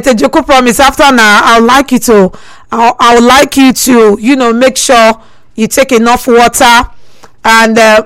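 Nigerian woman, radio call-in host, high voice, dry close sound, animated and preachy. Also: no echo, poor audio. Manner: animated, preachy, repeats phrases for emphasis. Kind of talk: call-in radio talk in Nigerian Pidgin and English.

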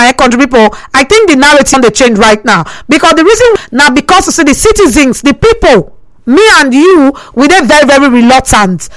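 A Nigerian woman hosts a radio phone-in, mixing Pidgin and English. Her voice sits high, and the sound is dry and close. She talks in an animated, preachy way and repeats phrases to drive her point home. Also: no room sound, low-quality recording.

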